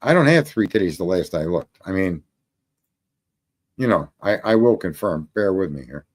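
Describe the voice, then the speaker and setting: A man's voice: low-pitched, lively intonation, normal speed. A man hosting a call-in livestream, telling stories in a rambling, profane, casual way and laughing at his own jokes. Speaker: call-in show host.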